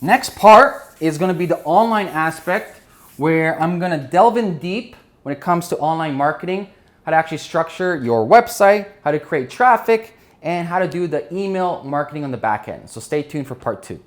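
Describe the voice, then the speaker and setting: A man giving an energetic business lesson while drawing on a board, often checking in with his listeners. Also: on the high side, normal speed. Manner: energetic, keeps checking in with "right?" and "okay?". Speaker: business instructor.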